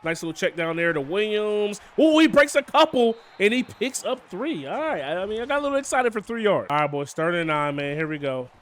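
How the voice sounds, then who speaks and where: A young man giving casual, excitable play-by-play commentary on his football video game, often calling out to "boys" and "man". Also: high voice, brisk, hardly any pauses, slight background noise. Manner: excitable, hypes big plays, keeps saying "boys" and "man". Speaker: gaming YouTuber.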